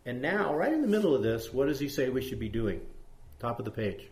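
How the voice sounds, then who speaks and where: A man's voice: mid-range voice, very animated, brisk, darkish tone. Man teaching a Bible study in an echoey room. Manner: rambling, asks the group questions, many fillers. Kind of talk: conversational Bible study sermon.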